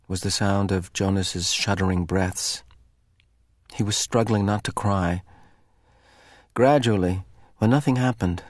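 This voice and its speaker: A man reading a novel aloud with expressive, measured narration. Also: on the low side, no room sound, studio quality. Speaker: reader.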